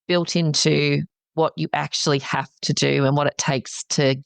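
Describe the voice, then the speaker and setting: A middle-aged woman with a low, gravelly voice talks as a guest in a casual interview. She is animated and often acts out what she was thinking. The sound is close and dry. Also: dry recording. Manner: animated, acts out her own past thoughts in quick asides. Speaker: counsellor and business founder, podcast guest.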